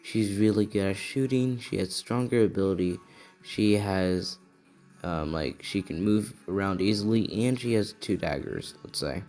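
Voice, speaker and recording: A man's voice: on the low side, measured pace, darkish tone, faint music behind. A tired young man improvising a fan story, rambling and hedging with lots of fillers. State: tired, yawning.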